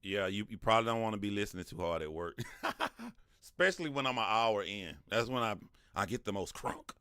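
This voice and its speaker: A man's voice: lowish voice, sing-song, brisk, pushed and bright, clean tone, no echo, clean studio sound. A man hosting a casual livestream and commenting animatedly, talking back to his chat and laughing often. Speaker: livestream host.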